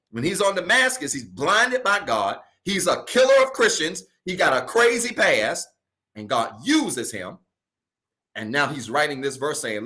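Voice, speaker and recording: A male pastor preaching a sermon in a casual, colloquial way, repeating key phrases and swinging from loud emphasis to soft asides. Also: fairly high pitch.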